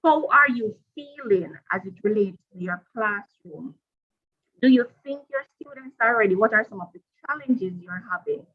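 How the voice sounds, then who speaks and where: A woman presenting a professional development workshop to teachers, deliberate and repeating her key points. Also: mid-range voice, animated, lo-fi sound.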